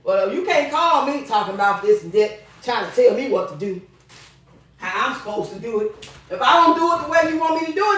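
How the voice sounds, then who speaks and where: A woman's voice: a little high, sing-song, a little fast, fairly bright tone. A middle-aged woman hosting a casual advice show, reading viewer comments and telling stories bluntly and profanely, often laughing. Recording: roomy echo.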